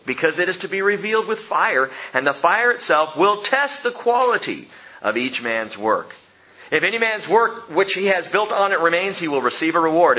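A male pastor preaching a sermon, animated, swinging between loud emphasis and hushed low lines. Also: dull audio.

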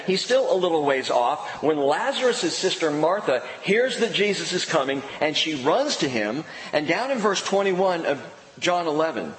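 A man preaching a sermon in an emphatic way, with dramatic pauses and sudden drops to a hushed voice. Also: on the high side. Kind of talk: expository sermon. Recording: echoey hall with long reverb, faint background noise.

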